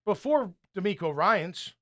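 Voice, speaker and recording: A man who played pro football, now hosting a casual sports talk show and telling stories animatedly, sometimes dropping to a low mutter. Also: a little slow. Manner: animated storyteller, acts out coaches' yelling. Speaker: former NFL player turned sports talk host.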